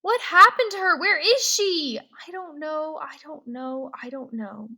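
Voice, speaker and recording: A woman's voice: expressive, unhurried, pushed and bright, exaggerated voice. Woman doing a panicked little boy calling out. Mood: tearful. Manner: high, panicked and tearful. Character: young frightened boy crying for his mother.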